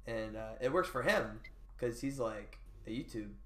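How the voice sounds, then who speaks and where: A man's voice: medium pitch, expressive, unhurried, slight background noise. Young adult American male co-host, casual joking delivery, mid-range voice, roomy echo. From United States. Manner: loose, joking, filler-heavy. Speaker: podcast co-host. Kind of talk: casual chat. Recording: echoey room.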